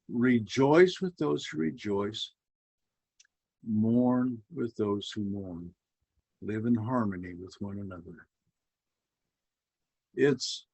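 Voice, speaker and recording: A man's voice: medium pitch, a little mellow, no room sound. A man hosting a fellowship talk, teaching from scripture in a casual way. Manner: slow, measured teaching. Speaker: bible study host.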